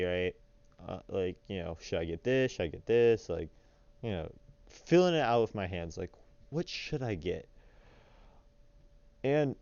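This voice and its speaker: A young man telling a story in a casual, rambling way, full of fillers and animated retellings. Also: fairly low pitch, clear, resonant tone, no room sound, highs cut off.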